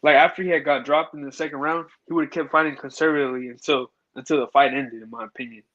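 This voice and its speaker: A man's voice: fairly high pitch, fairly even intonation, fast talker, fairly bright tone, dull audio. A man co-hosting a casual boxing chat, laid-back, saying "bro" a lot.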